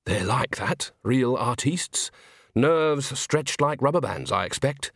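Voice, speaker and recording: Nervous, stammering middle-aged owner, read by a male narrator; fussy and rambling, lively pitch. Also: slow, no room sound, clean studio sound, heavily acted.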